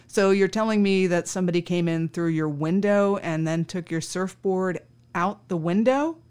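A woman's voice: on the low side, normal speed, darkish tone, clean tone. A woman podcast host telling a true-crime anecdote in a wry, conversational way, acting out the dialogue.

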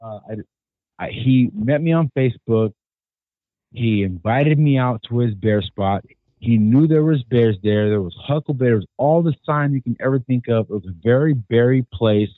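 A man from California, a guest on a podcast, talking earnestly and carefully with many fillers and pauses. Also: mid-range voice, dry recording. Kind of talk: casual podcast conversation. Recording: thin phone-like sound.

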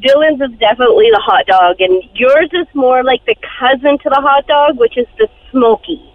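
A woman's voice: high voice, fairly quick, narrow, tinny audio, a little hiss or hum. A woman calling in to a radio show, teasing the hosts playfully. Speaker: radio caller.

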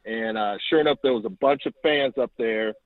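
A man calling in to tell a long story, animated and acting out quotes, heard over the phone. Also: moderate pace, no room sound. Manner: animated, acts out quotes with rising pitch. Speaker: caller. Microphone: telephone. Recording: tinny phone line.

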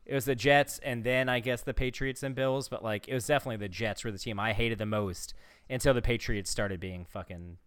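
A man's voice: medium pitch, fairly even intonation, fairly quick, a bit bright, clean tone, dry recording, studio quality. A man co-hosting a podcast, talking sports in a rambling, casual way with lots of "like" and swearing. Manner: rambling, swears freely, fillers like "like". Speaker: podcast co-host.

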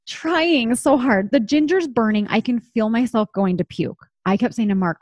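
An animated woman in her thirties from Utah tells a long story in casual chat, fond of "like" and acting out what everyone said. Her voice sits a little high and the sound is dry and close. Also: moderate pace, dry recording. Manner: animated, lots of "like", acts out quotes.

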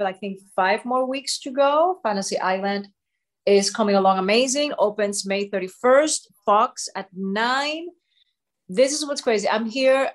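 Halting, emotional woman in her forties. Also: medium pitch. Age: 40s. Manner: halting, many restarts and repeated words. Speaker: show co-host. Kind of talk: emotional personal storytelling.

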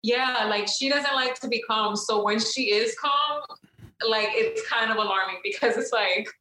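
A woman with a bright, forceful voice chatting and teasing her partner, quick to laugh. She sits a bit high in pitch. The room echoes, with faint noise behind. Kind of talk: casual chat.

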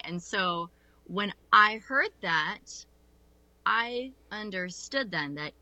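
Bright-voiced woman telling a story. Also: mid-range voice, takes it slowly, no echo. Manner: animated, acts out quoted voices, swears freely. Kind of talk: casual storytelling chat.

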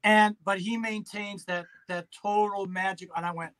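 Middle-aged man, high-pitched, animated anecdote teller. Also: moderate pace. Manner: animated storyteller who acts out quotes. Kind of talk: casual chat.

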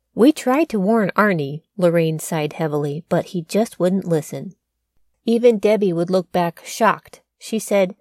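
Mellow-voiced woman podcast host telling a story. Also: fairly low pitch, dry recording, clean studio sound. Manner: conversational with wry asides. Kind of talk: true crime storytelling.

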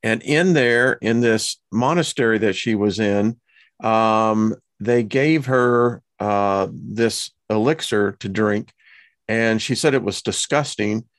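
A man hosting an interview show, speaking in an unhurried, hesitant way with frequent pauses. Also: on the low side, dry recording. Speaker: show host. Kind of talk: interview host.

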